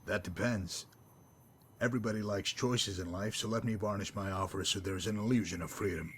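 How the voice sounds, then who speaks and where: A man voicing a smug, sardonic male messenger-mercenary in a game, dry and mocking in manner, wordy and unhurried. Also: on the low side, fairly even intonation, slight background noise, natural voice. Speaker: game character. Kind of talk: voiced game dialogue.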